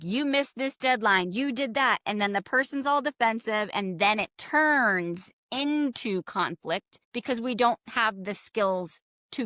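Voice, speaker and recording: A woman's voice: fairly high pitch, no room sound, clean studio sound. A middle-aged American woman, a leadership coach, talking as a guest in a podcast interview and acting out quoted dialogue as she tells stories. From United States. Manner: animated storyteller, acts out quoted dialogue.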